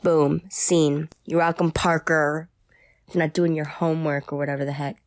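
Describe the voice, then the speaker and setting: A woman's voice: deep voice, level tone, moderate pace, no echo, clean studio sound. A young woman voice actor rambling goofily to herself while reading through a script. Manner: goofy, rambling, mock-dramatic.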